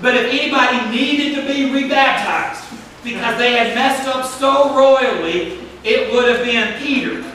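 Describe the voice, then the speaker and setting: Bright high-voiced pastor preaching. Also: male voice, a little slow, a little hiss or hum. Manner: preaching with call-and-response from the congregation. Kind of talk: sermon. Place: church sanctuary. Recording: echoey hall, picked up from a distance.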